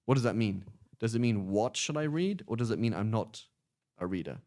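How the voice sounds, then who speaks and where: Low-voiced English man teaching Arabic. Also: brisk. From England. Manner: pedantic, explains with lively examples. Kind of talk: online class teaching.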